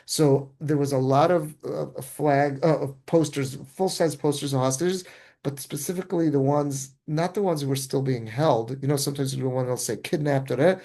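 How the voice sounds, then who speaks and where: A man's voice: mid-range voice, fairly even intonation, normal speed, dark tone. A man, a rabbi, telling a travel story in casual discussion, rambling with frequent restarts and self-corrections.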